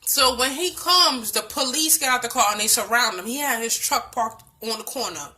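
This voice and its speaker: A woman with a Bronx New York accent telling a personal story in a casual vlog, blunt and emphatic, with lots of swearing, swinging from hushed to loud. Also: a little high, moderate pace, a little hiss or hum. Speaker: storytime vlogger.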